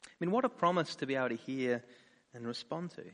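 A man preaching a sermon, earnest in his appeals and animated when he tells personal stories. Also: mid-range voice, quick pace. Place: church. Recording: reverberant church hall.

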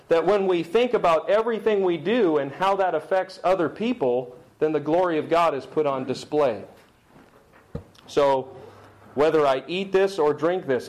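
A middle-aged man delivers a sermon as a pastor, his voice sitting a little high for a man. He speaks emphatically and slows down whenever he reads scripture aloud. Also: rough recording.

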